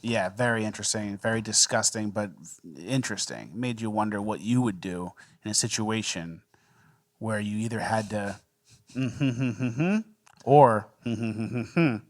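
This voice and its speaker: A man's voice: fairly low pitch, steady tone, normal speed, no echo, clean studio sound. A young man co-hosting a podcast, telling stories in a laid-back casual chat and laughing often. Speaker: podcast co-host.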